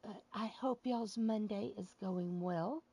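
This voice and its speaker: A woman's voice: medium pitch, slow, warm tone, husky, no room sound. A woman hosting a wrestling show stream, chatting casually with her audience in a rambling way and laughing at her own jokes.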